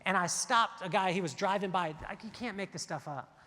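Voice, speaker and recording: A man giving a motivational keynote speech, telling stories in an animated way and acting out the dialogue. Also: high-pitched, brisk, big-room sound. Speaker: keynote speaker. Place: large event hall.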